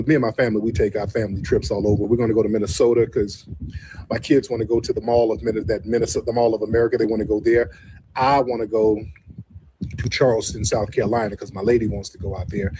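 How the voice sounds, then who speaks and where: A man's voice: medium pitch, a little mellow, slight background noise, rough recording. A man hosting a casual live-stream show, talking in a slangy, rambling way and repeating himself.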